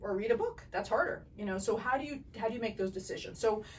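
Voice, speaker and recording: A woman's voice: a little high, lively intonation, a little mellow, distant mic, slight background noise, rough recording. A woman eye doctor hosting a casual podcast interview, talking in a chatty, rambling way and laughing easily. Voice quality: chatty, digressive, quick to laugh.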